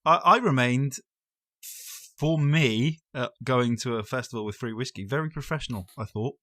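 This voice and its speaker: A man with an ordinary mid-range voice, chatty and quick to laugh, recounting things casually as a podcast co-host. The sound is close and dry. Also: medium pitch, a bit bright, no echo. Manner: chatty, easily amused. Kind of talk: casual chat.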